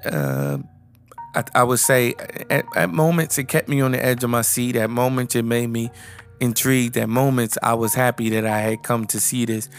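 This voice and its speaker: A man's voice: medium pitch, normal speed. A man giving a casual, rambling movie review, full of fillers and restarts, with light music behind him. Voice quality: flat, rambling with many restarts. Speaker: film reviewer.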